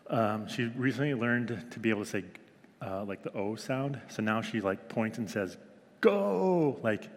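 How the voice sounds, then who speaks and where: A man in his thirties talks through a devotional in a loose, chatty way, full of likes and ums. He speaks at a middle pitch. His voice carries a long reverb, as if recorded in a large hall. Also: fairly bright tone. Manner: chatty, many fillers, mimics his toddler's voice. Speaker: small group devotional leader. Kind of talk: casual devotional talk.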